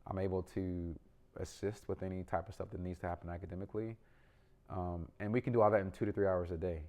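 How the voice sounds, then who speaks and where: A man's voice: low-pitched, darkish tone. A middle-aged man, a parent and youth basketball coach, giving an earnest, rambling update with lots of ums and restarts. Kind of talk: casual vlog update.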